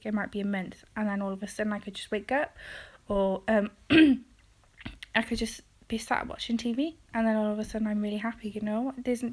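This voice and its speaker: A woman speaks hesitantly in a personal confessional vlog, with many pauses and ums, often trailing off quietly. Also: fairly high pitch. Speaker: vlogger.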